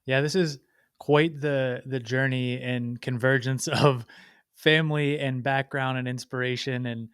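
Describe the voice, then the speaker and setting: Smooth-voiced male podcast host. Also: mid-range voice, fairly even intonation, unhurried, a bit bright, dry recording, clean studio sound. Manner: long, winding questions with restarts. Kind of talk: conversational podcast interview.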